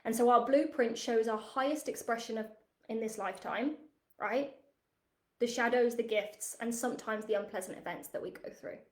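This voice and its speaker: A woman in her thirties talks through a spiritual lesson in a loose, animated way, often checking in with her listeners. Her voice sits a little high. The room around her has a noticeable echo. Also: normal speed. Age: 30s. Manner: chatty, animated, frequent "right?" tags. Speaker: spiritual teacher. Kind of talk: masterclass teaching monologue.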